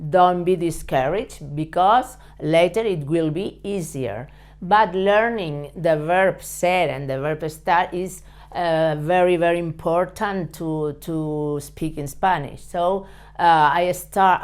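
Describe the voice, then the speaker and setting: Woman teacher going thru a lesson real slow, lowish voice, lots of pauses n repeats. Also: darkish tone. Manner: patient, repeats words and hesitates often. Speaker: Spanish teacher. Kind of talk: step-by-step language lesson.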